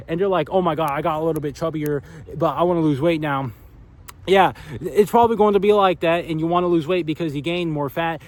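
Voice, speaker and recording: A young man vlogging in a casual, profane, filler-heavy rant. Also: high-pitched. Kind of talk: casual ranting monologue.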